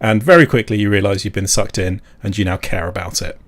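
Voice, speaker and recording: A man's voice: lowish voice, fast. A man co-hosting a podcast, easygoing and self-deprecating in casual chat. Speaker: podcast co-host.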